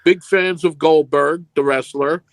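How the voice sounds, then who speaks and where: A man's voice: on the high side, fairly even intonation, a little slow, dry recording. A middle-aged man, a film producer being interviewed, telling long rambling anecdotes and acting out the dialogue in them. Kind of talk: casual storytelling interview.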